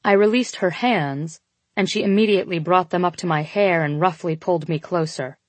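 A woman reading a first-person story aloud in a steady, intimate narration. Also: on the low side, moderate pace, dry recording. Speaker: audiobook narrator.

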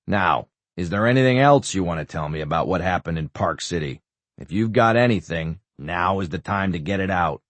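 A man's voice: deep voice, animated, no room sound. A man voicing a cool, calculating official. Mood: probing. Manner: measured, businesslike, quietly controlling. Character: calm, calculating middle-aged male official.

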